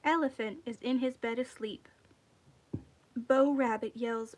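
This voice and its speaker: A woman's voice: fairly high pitch, fairly even intonation, a little slow. A woman reading a folk tale aloud expressively, acting out its sound words. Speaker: storyteller.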